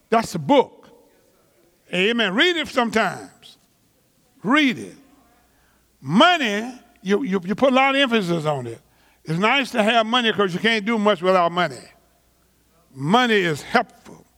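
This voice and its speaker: Pastor, male, high voice, deliberate preaching pace, reverberant church sound. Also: bright, forceful tone. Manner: slow, emphatic preaching with drawn-out words and repetitions; colloquial vernacular grammar. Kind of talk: sermon.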